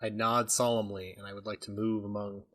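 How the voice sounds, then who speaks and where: A man playing in a tabletop game, soft-spoken as he describes his character's actions. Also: on the low side, flat delivery, brisk. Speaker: player.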